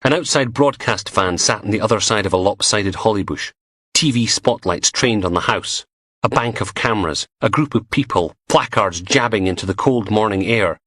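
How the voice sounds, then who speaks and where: A man narrating a crime audiobook in an expressive, vivid storytelling manner. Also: on the low side, normal speed, dry recording, studio quality.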